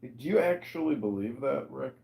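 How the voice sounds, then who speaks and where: A man with a heavily gravelly voice presses others with pointed, leading questions. His voice rings with noticeable room echo. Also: mid-range voice, lively intonation, moderate pace, dark tone. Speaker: participant in an online audio chat. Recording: echoey audio chat.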